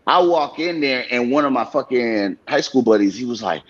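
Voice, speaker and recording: Lively, husky-voiced man telling a wild story. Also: mid-range voice, normal speed. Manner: animated, profane, laughing storyteller. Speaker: podcast host. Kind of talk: casual storytelling. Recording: slightly dull lo-fi sound.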